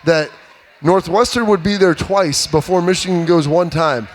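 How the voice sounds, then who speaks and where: A man in his thirties, a former player, telling animated stories in a casual sports talk panel. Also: high voice, moderate pace. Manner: animated storyteller, acts out trash talk.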